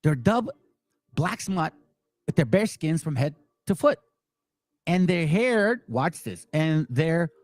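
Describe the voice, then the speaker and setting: A man's voice: on the high side, a little mellow. A man hosting a commentary channel, delivering a heated, profane, mocking monologue full of repetition. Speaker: religious commentary channel host.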